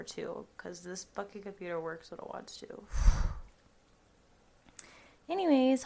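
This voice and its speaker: Young female podcast host, gravelly, rambling, salty, talks from home. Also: on the low side. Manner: rambling, swears a lot, says "like" often. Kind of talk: casual chat.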